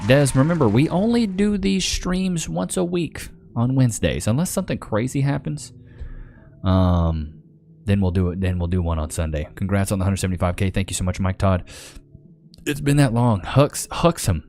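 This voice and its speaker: A man's voice: lowish voice, lively intonation, normal speed, darkish tone, slight background noise. A man hosting a casual live stream, chatting loosely in slang and reading out names from the chat into a desk mic. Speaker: livestream host. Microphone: desk microphone.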